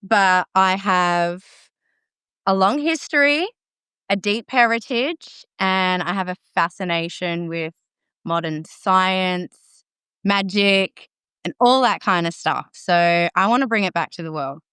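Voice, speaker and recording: Confident woman guest, smooth clear voice. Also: fairly low pitch, slow pace, a bit bright, dry recording, studio quality. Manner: confident, emphatic, playful. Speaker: podcast guest, green witch. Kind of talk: casual chat.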